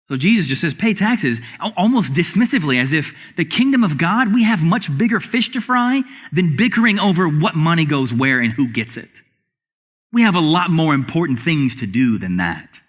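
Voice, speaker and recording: A male pastor preaching a sermon in a church, asking rhetorical questions of the congregation. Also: fairly high pitch. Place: church sanctuary.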